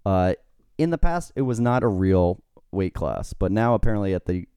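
A man co-hosts a podcast in a loose, joking, rambling way. His voice sits low and mellow, smooth and clear. The sound is dry and close. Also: very animated, normal speed, dry recording. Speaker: podcast co-host. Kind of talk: casual chat.

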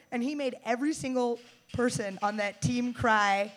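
A woman's voice: high voice, steady tone, a little fast. Brash young woman doing stand-up. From United States. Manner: brash, profane, loud bursts and mock-tough asides. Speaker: stand-up comedian. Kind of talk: stand-up comedy set.

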